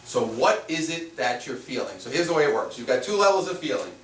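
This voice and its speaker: A man, a spiritual teacher, giving a lively workshop talk and asking the audience questions. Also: mid-range voice, a little fast. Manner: animated, playful, asks the audience questions. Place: room with a small audience. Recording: roomy, mic at a distance, faint noise.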